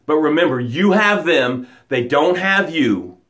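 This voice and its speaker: A fairly high-voiced man speaks as a motivational coach on a live broadcast. He preaches with energy, repeats his key lines, and raises his voice to act out angry stories. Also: animated, unhurried, fairly bright tone. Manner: acts out angry stories with rising voice.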